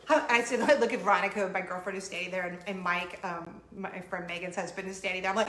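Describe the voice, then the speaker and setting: A woman in her forties hosting a casual vlog, telling giddy stories with animated acted-out quotes. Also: mid-range voice, quick pace, hardly any pauses, roomy sound. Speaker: vlog host. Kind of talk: casual chat to camera. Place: home in Orlando.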